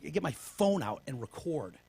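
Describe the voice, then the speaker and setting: Gravelly, animated storytelling man. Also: on the high side, normal speed, slight background noise. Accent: Michigan. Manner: profane, animated storyteller who drops to hushed whispers when quoting himself. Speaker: podcast co-host. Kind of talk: casual storytelling.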